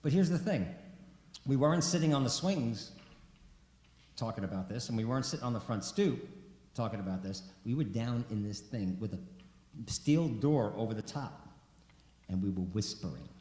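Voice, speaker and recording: A man tells a story on a concert stage in a loose, conversational way, his pitch swinging up and down as he acts out the lines. His voice rings through a roomy hall with a long reverb tail. Faint noise sits underneath. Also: lively intonation, normal speed, long pauses, dark tone. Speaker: singer-songwriter telling a story on stage. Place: concert venue.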